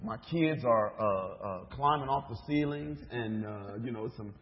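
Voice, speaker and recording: A man's voice: medium pitch, a little slow. A man, a minister, preaching a sermon, telling a story with acted-out dialogue and rhetorical questions. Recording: dull echoey hall recording.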